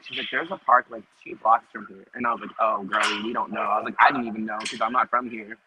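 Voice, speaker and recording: A man's voice: on the low side, fast talker, few pauses. A man hosting a podcast, chatting casually and acting out other people's lines as he tells a story, with many "like" fillers. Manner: animated retelling with acted-out quotes and many "like" fillers. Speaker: podcast host. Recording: dull lo-fi recording with clear noise.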